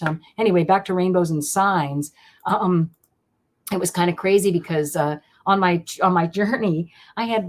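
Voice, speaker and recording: A woman reading cards live for viewers, gushing and chatty, stumbling over her words and circling back. Her voice sits a little low for a woman. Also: darkish tone. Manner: chatty and gushing, with many fillers and restarts. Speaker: card reader hosting a live stream. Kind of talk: casual live-stream card reading.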